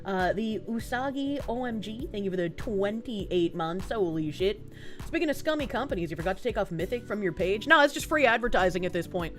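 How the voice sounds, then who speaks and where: With faint music behind her, a young woman in her early adulthood reads out her live stream chat, talking briskly and expressively in a mid-range voice. Her casual talk is full of swearing, veering from quiet mumbles to loud outbursts.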